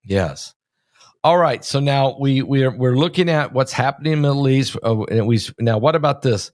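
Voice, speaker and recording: A man's voice: mid-range voice, animated, normal speed, a little mellow, dry recording, clean studio sound. A man hosting an interview in a conversational, chatty way, asking his guest questions. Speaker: host. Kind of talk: casual interview talk.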